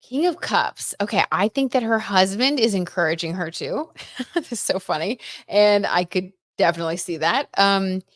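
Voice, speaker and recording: A young woman chats her way through a live tarot reading in a slightly low voice, bubbly and quick to exclaim at every card. The sound is close and dry, with no room around it. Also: no room sound. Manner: chatty and excitable, lots of "oh my god" and "like"; reads viewer comments aloud and reacts. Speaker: tarot reader hosting a live stream.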